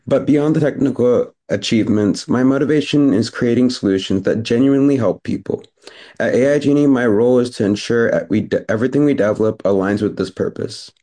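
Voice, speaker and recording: A young man with a hoarse voice reading a scripted company pitch over a video call. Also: fairly quick. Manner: steady, scripted delivery. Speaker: founder and CEO. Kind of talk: read pitch presentation.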